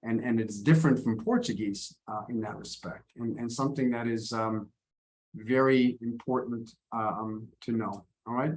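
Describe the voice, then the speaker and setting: A man's voice: mid-range voice, normal speed, a little mellow. Patient American man teaching online. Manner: patient, encouraging, repeats words as he thinks. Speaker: English teacher. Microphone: video call.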